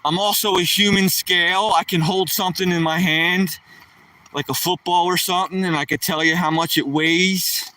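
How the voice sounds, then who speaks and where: A man's voice: high-pitched, steady tone, moderate pace, bright, forceful tone, no room sound, distant mic, low-quality recording. A man live streaming while walking outdoors, chatting nonstop in a hyper, joking way with viewers. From East Coast of the United States. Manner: hyper, talkative, jokey. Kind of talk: casual live-stream chat.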